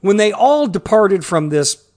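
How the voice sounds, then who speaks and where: A man's voice: high-pitched, big pitch swings, unhurried, darkish tone. A man co-hosting a podcast in casual chat, heated and profane, acting out quotes as he talks. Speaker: podcast co-host.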